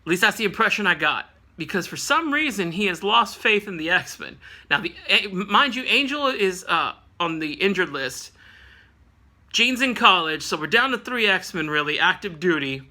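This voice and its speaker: A man's voice: high voice, very animated, normal speed, pushed and bright. A man casually recapping a comic issue with rambling, jokey asides. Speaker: comic book reviewer.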